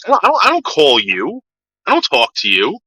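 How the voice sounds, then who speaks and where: A man's voice: a little high, wildly swooping pitch, fairly quick, bright, forceful tone, no room sound, rough recording. A man ranting on a livestream, swearing heavily and repeating himself as he gets worked up. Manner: profane, agitated, repeats himself. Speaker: livestream host.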